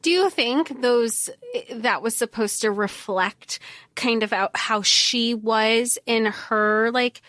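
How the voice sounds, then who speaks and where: A woman's voice: on the high side, takes it slowly, a bit bright, no echo. A woman co-hosting a podcast in casual book chat, thinking aloud with many hedges. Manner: thoughtful, hedging, many fillers. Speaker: podcast co-host.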